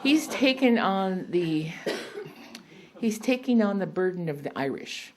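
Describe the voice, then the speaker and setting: A woman's voice: mid-range voice, lively intonation, unhurried, darkish tone. A woman poet at a public reading, telling rambling personal stories between poems and laughing often. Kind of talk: storytelling talk between poems.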